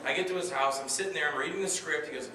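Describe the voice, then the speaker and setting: A man's voice: fairly high pitch, rapid-fire. A man telling stories about his acting work at a convention Q&A, rambling with many fillers and acting out other people's voices. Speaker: actor answering audience questions. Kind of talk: storytelling Q&A at a convention panel. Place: convention hall with audience. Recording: echoey hall, mic far off, noisy.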